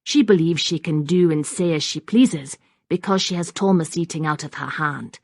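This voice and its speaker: A woman voicing a proud, bitter young Highland woman with a Scottish accent, cold and brittle in manner. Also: normal speed, gravelly, a little mellow, dry recording, studio quality.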